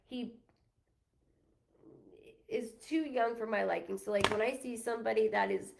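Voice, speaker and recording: Gravelly, chatty woman medium. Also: a little high, fairly even intonation, normal speed, background noise. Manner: rambling, self-interrupting, laughs often. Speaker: psychic medium. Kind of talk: live-streamed reading, casual chat.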